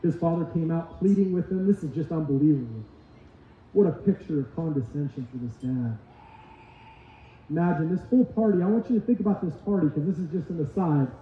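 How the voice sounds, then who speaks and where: A pastor preaches with emphatic, repeated phrases in a high voice. His sermon sounds tinny and phone-like, and heavy church echo surrounds it with faint noise behind. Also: fairly quick. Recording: echoey hall, tinny lo-fi sound.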